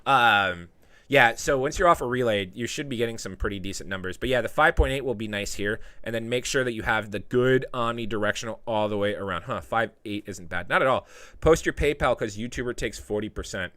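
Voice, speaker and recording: Young guy streaming, bright voice, jokey and loose, reads chat out loud. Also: lowish voice, fairly quick, no echo. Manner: joking, loose, talks to chat by name. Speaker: livestream host. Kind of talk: casual livestream chat reading viewer comments.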